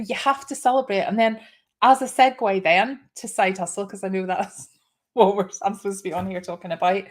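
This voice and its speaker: Chatty woman in her fifties. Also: a little high. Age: 50s. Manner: chatty and emotional, with frequent laughs and restarts. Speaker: host. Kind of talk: casual live chat.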